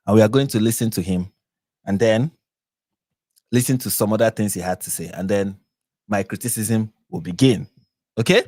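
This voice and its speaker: A man with a Nigerian accent hosting a live reaction stream, chatty and quick to laugh, often restarting and correcting himself. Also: lowish voice, a little mellow, no echo, studio quality. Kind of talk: casual live-stream commentary.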